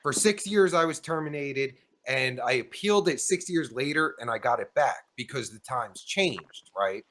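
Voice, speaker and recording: A man's voice: mid-range voice, expressive, moderate pace, hardly any pauses, fairly bright tone. A man hosting a podcast interview who talks bluntly, swearing freely in casual chat. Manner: blunt and heavily profane. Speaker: podcast host.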